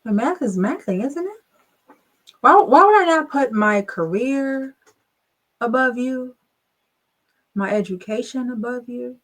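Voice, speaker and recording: A woman's voice: fairly high pitch, animated, slow, pauses often. A young adult woman hosting her channel, telling a casual story with emphatic rhetorical questions. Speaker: channel host.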